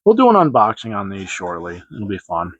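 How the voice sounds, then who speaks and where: Brisk and fairly low-pitched, this man's voice swoops wildly in pitch as he hosts his casual model-kit show-and-tell vlog. He rambles and hesitates, using many fillers and restarts, over background noise in a dry, slightly dull lo-fi recording.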